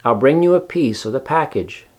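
A man's voice: medium pitch, lively intonation, moderate pace, darkish tone, slightly rough. A man voicing a grumpy, greedy barn rat who grumbles and answers back sarcastically.

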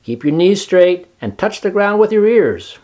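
A man voicing a kind, wise female barn spider who talks gently but firmly, coaxing the others along. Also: high-pitched, big pitch swings, a little slow, pitched above the performer's own voice.

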